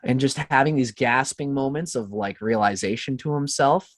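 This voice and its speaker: A man telling a long story as a podcast guest, swearing freely and acting out what people said in lively voices. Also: mid-range voice, normal speed, no room sound, studio quality. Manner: profane, animated, acts out quoted voices. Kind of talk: casual storytelling.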